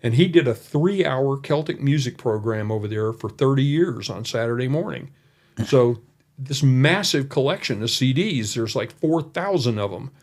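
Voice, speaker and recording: A man's voice: mid-range voice, lively intonation, moderate pace, a little mellow. Man telling a rambling, folksy story. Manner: rambling and folksy, with many asides. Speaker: college development director, podcast guest. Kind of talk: anecdotal storytelling in a conversation. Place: indoor room.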